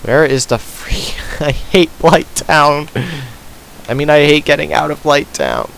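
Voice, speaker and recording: A man's voice: on the high side, a little slow, creaky, fairly bright tone, a little hiss or hum, rough recording. A man hosting a let's play, giving casual gaming commentary in a sarcastic, self-deprecating mutter.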